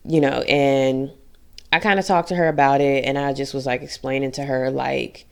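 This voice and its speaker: A woman's voice: rumbling low, steady tone, normal speed. A young adult woman telling a personal story in a casual, emphatic, venting way, full of slang. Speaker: vlogger.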